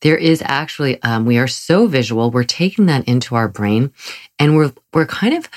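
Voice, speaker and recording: A woman's voice: rumbling low, expressive, normal speed. A woman giving a casual motivational talk, chatty and enthusiastic, telling personal stories with frequent laughs and fillers. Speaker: motivational speaker.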